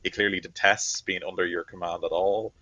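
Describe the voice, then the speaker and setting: Low-voiced man running a tabletop game. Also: flat delivery, fairly quick, bright, forceful tone, muffled recording. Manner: loose, filler-heavy narration. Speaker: game master.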